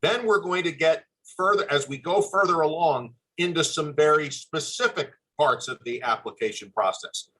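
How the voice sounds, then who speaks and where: An older man giving a formal webinar presentation over a video call, speaking in an earnest, measured and courteous way. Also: on the high side, bright, forceful tone, low-quality recording. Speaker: webinar presenter, former admissions dean.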